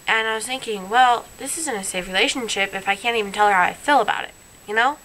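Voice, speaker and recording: Young woman, bright voice, rambling hurt vlog confession, faint hiss on the recording. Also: fairly high pitch, quick pace, low-quality recording. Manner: earnest, rambling, upset. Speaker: vlogger.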